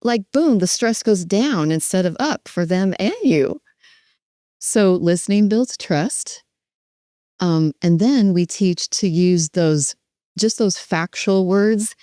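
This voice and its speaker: A woman dementia care educator teaching in an animated, emphatic way, with role-play demonstrations. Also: medium pitch, slow pace, dry recording, clean studio sound.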